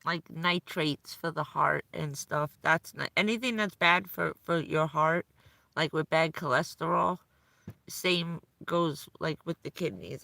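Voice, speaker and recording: Gravelly, chatty middle-aged woman. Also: low voice, a bit bright, no echo. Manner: rambling, chatty, laughs often. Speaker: live streamer. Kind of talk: casual live-stream chat. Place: vehicle at night in the cold.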